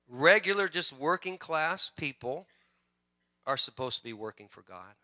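Fervent bright-voiced male pastor preaching. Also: a little high, sing-song, moderate pace, no echo. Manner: fervent preaching, rising loud on exhortations, repeats words. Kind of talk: sermon with prayer and scripture reading.

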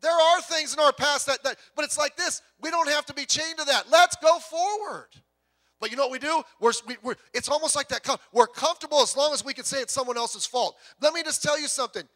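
High, bright-voiced male pastor preaching. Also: quick pace, hardly any pauses. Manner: lively conversational preaching, jokes and self-repeats. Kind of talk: sermon.

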